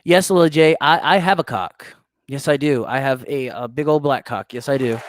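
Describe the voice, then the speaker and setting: A man's voice: medium pitch, moderate pace, some chatter behind, slight background noise. A young man, hosting a crude, teasing podcast chat and laughing often. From United States. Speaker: podcast host. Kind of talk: casual chat reading live chat.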